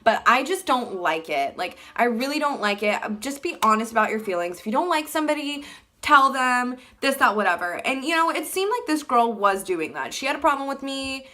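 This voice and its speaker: A young woman telling a personal story to camera in casual chat, animated and full of "like", acting out what people said. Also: sits high, brisk. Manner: animated, fillers like "like" throughout, acts out quotes. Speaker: vlogger.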